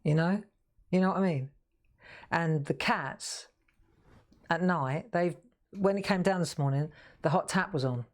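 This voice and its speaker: A woman's voice: on the low side, unhurried, long pauses. A middle-aged woman, chatting casually and laughing often while demonstrating crafts on a live stream.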